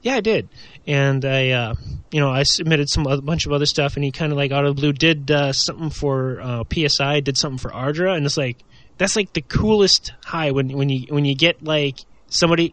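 A man's voice: on the high side, a little fast, fairly bright tone, no echo. A man co-hosting a casual podcast chat, rambling with lots of fillers and laughs. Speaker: podcast co-host.

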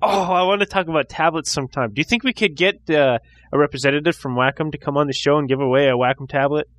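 A man's voice: fairly high pitch, quick pace, a bit bright. A man hosting a casual podcast chat, rambling and restarting his sentences. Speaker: podcast host.

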